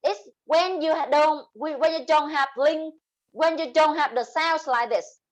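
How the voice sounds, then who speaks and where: Woman teacher, Vietnamese accent, high voice, slow modeled examples. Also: low-quality recording. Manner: switches between English and Vietnamese explanations, drawn-out examples. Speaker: English teacher. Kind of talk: online class lesson.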